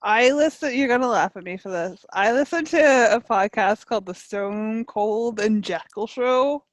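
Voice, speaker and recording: A Canadian woman co-hosts a casual chat podcast, rambling cheerfully with lots of fillers and frequent laughter. Her voice is a little high, her pace measured, and the recording dry.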